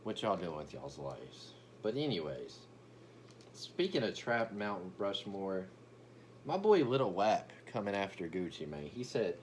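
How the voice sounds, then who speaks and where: A man's voice: on the low side, sing-song, moderate pace, a little mellow, a little hiss or hum. A young man ranting in a brash, profane, boastful comedic commentary, stumbling over restarts as he talks.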